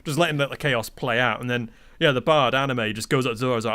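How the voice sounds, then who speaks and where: A man's voice: mid-range voice, fast, clear, resonant tone. Swearing man telling game stories. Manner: animated anecdotes, acts out quotes, swears freely. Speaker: podcast guest, game master. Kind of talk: casual chat, storytelling.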